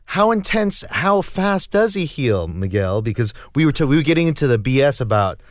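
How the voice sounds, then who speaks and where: A man's voice: medium pitch, sing-song, moderate pace, dry recording, studio quality. A man co-hosting a podcast who steers the talk and chimes in with jokes and asides. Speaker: podcast co-host. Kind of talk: casual chat.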